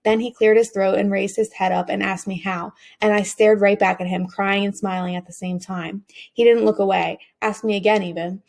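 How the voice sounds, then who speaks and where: A woman's voice: mid-range voice, gravelly, a little mellow. A woman narrating a first-person audiobook as a teenage boy, earnest and emotional.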